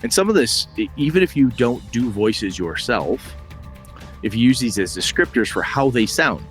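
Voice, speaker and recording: A middle-aged man co-hosting a gaming podcast in casual chat, animated, laughing often and swearing casually. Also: medium pitch, normal speed, soft background music. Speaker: podcast co-host.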